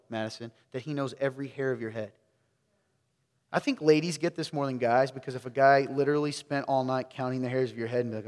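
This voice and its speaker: A man preaching a sermon in a church, swinging between loud exclaiming and hushed, close talk. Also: medium pitch, in a large hall. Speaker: pastor. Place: church sanctuary.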